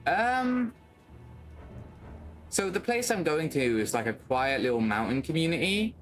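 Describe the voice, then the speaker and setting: A man's voice: on the high side, very animated, unhurried, fairly bright tone, soft background music, poor audio. A young British man chatting casually to his stream chat while playing a game, swearing now and then and greeting viewers. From Britain. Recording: faint background noise.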